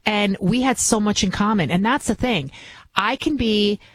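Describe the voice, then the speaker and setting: A woman's voice: medium pitch, moderate pace, a little hiss or hum, rough recording. A woman with a Bronx New York accent hosting a talk radio show, chatty and emphatic, often restarting her sentences. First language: not English. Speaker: guest radio host.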